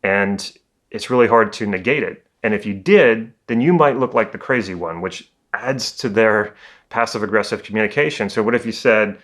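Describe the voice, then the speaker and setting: Guy with a lowish voice coaching people on communication, calm easy explaining. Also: normal speed. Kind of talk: educational talk to camera.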